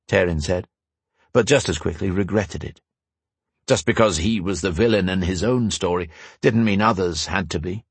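Husky low-voiced male narrator. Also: dry recording. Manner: measured storytelling. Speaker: audiobook narrator. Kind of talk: scripted narration.

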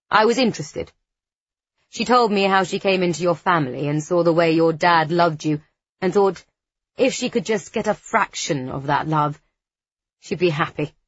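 Woman reading steady frank young man, calm and persistent, low-pitched, dull dry audiobook recording. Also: normal speed, no echo, natural voice. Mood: steady, persuasive.

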